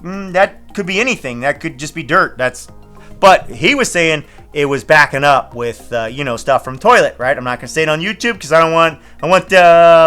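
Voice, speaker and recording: A man with a high, bright voice tells stories in a rambling, chatty way full of fillers and restarts. Faint music plays behind him. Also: smooth. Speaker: landlord and channel host. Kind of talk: casual storytelling vlog.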